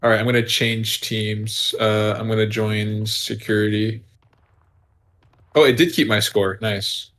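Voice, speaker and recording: A man with a somewhat low voice chats casually over an online shooter match. He teases his teammates in a playful tone. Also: fairly even intonation, unhurried, a bit bright, slight background noise. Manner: teasing, playful banter. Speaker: game player. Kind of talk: casual gaming voice chat.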